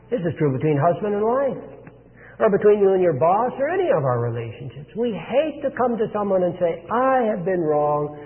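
Male preacher, fairly high voice, emphatic delivery, long echo in a big room. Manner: earnest, emphatic, slows for stress. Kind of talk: sermon. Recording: phone-like, long reverb.

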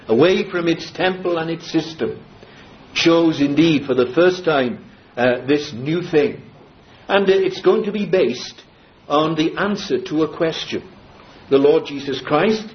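A man preaching an expository sermon, reading scripture slowly and emphatically and explaining it verse by verse. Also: a little high. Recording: dull lo-fi recording with faint hiss.

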